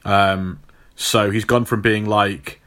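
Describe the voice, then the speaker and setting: A man's voice: lowish voice, fairly even intonation, slow pace, fairly bright tone. A man hosting a casual chat, retelling a comic book story in a rambling way with many fillers.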